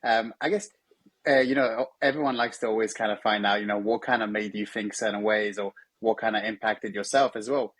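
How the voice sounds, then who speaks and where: A man's voice: on the low side, steady tone, brisk, a bit bright, husky, dry recording. A man hosting an interview, asking long, rambling questions full of fillers. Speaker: host.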